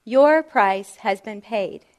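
Gentle, loving young prince, soft-spoken and reassuring; a woman voices him. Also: on the high side, animated, moderate pace, natural voice. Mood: tender. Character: gentle loving young man, a king's son.

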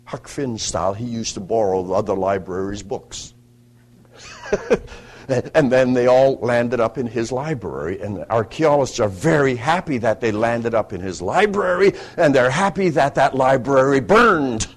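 A man's voice: mid-range voice, expressive, normal speed. A man leading morning devotions as a preacher, explaining scripture in a devotional teaching talk with explanatory asides.

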